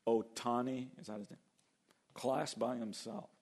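A man preaching a sermon, animated, acting out biblical voices and slowing down to stress key words. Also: mid-range voice. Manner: animated, acts out biblical voices, slows for emphasis. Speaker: pastor.

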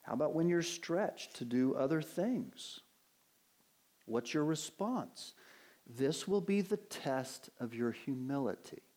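A man's voice: mid-range voice, warm tone. An earnest male pastor delivers a sermon from the pulpit, pressing his points with emphatic rhetorical questions. His voice sits in a middle register. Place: church sanctuary at a pulpit.

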